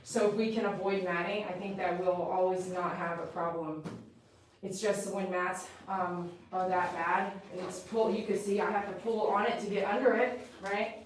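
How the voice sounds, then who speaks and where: A woman's voice: medium pitch, fairly even intonation, normal speed, far from the mic, slight background noise. A woman dog groomer at work, talking a client through the grooming and coaxing the dog in a chatty way. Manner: chatty, coaxing the dog and explaining as she works. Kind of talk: explaining a grooming to a client on camera. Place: grooming salon. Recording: very echoey room, voice from off mic.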